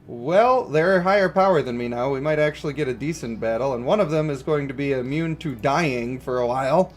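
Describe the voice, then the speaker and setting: A man's voice: medium pitch, a little fast. A man giving casual, joking livestream commentary on a mobile game and greeting viewers. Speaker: gaming streamer.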